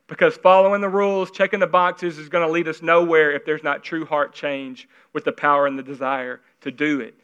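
A man preaching a sermon in an earnest, conversational way, at times dropping into hushed, intimate tones, on a slightly dull recording. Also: on the high side, flat delivery, brisk, hardly any pauses, clean tone. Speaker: pastor.

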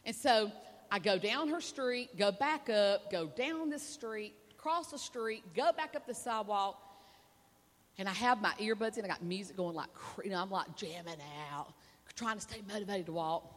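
A woman preacher telling a folksy, animated story in a sermon at a women's conference, laughing and acting out the voices. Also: medium pitch, moderate pace. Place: stage at a women's conference with a hall's reverb. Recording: long hall reverb.

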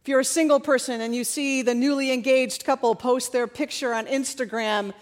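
A woman preaching a sermon and reading scripture, her delivery swinging from hushed to loud. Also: high-pitched, steady tone, moderate pace, in a large hall.

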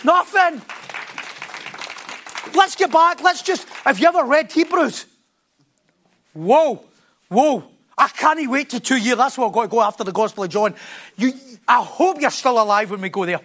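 A high-pitched man preaches from a church platform. He drops to quiet asides, then rises into loud, emphatic bursts, with passion in every line. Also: lively intonation, normal speed, long pauses, a faint crowd. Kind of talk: sermon.

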